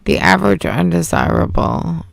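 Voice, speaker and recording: A woman's voice: on the low side, wildly swooping pitch, normal speed, creaky, no echo. A woman hosting a reaction video, making sarcastic remarks over a stream clip. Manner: sarcastic, dry quips. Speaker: reaction channel host. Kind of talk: reaction commentary.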